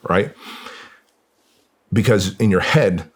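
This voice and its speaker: A man's voice: low voice, a little slow, vocal fry, husky. A man in his forties, a guest on a podcast, telling a painful personal story in an earnest, raw, conversational way. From Armenia.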